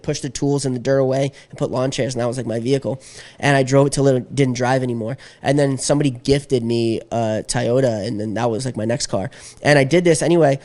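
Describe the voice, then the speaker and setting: A man's voice: mid-range voice, a little mellow. A man guest in an interview, telling a long story in a casual, streetwise way with lots of fillers.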